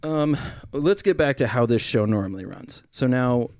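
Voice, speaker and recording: A man's voice: medium pitch, expressive, normal speed, darkish tone, no room sound, studio quality. A man hosting a podcast in casual chat, playful and jokey, jumping between topics. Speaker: podcast host.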